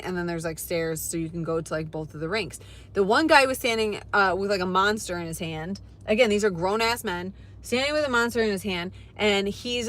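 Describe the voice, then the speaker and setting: A young woman chatting casually to her live stream viewers, animated and full of fillers and swearing. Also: on the high side. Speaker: livestreamer. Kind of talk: casual storytelling to a live chat.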